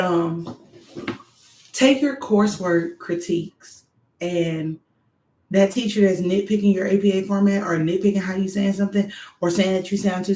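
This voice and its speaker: A woman giving frank, animated advice straight to her viewers in a candid monologue. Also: medium pitch. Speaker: doctoral student vlogger. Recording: echoey room.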